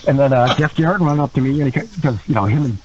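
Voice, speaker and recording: A man, a guest on a podcast, telling a story in a casual, animated way, laughing often and acting out quotes in other voices. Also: on the high side, fast, muffled recording. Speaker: guest wrestler.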